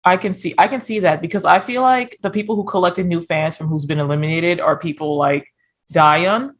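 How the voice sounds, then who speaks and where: A woman's voice: fairly low pitch, fairly quick. A woman co-hosting a casual reaction podcast, talking it through thoughtfully and often checking in with "you know what I mean". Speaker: podcast co-host.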